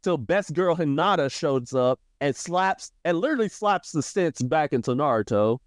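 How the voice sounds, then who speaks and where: A man co-hosting a podcast, recapping an anime storyline in a casual, animated way and acting out the characters' lines. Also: moderate pace, no echo, clean studio sound. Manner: animated, acts out character quotes with shifting pitch. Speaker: podcast co-host.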